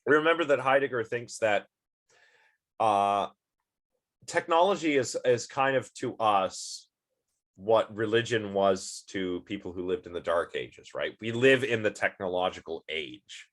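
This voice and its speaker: A man with a somewhat low voice talks through a philosophy lecture. His delivery is loose and conversational, full of ums, uhs and false starts as he thinks aloud. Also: a little slow, a bit bright. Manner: casual, rambling, many fillers and restarts. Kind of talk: recorded online lecture.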